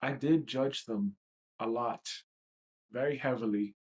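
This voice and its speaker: A man's voice: mid-range voice, unhurried, darkish tone. Brief: male livestream host, mid-range voice, blunt, profane, reflective monologue.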